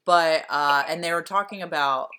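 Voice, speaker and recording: A woman's voice: low voice, normal speed, bright, forceful tone, clean tone. A woman, co-hosting a podcast in casual, rambling chat full of fillers and swearing. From Delaware County, Pennsylvania. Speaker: podcast co-host.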